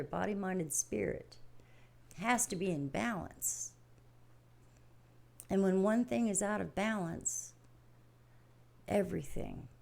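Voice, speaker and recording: A woman's voice: on the low side, creaky, darkish tone. An older woman hosting a livestream, talking casually about daily stress and spirit in a folksy, rambling way, acting out small scenes as she goes. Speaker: livestream host. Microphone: home livestream setup.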